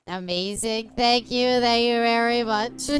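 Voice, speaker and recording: Giggly, slow-talking Canadian woman streamer. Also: on the high side, clean tone, no room sound. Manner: giggly, chatty, rambling. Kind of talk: gameplay commentary.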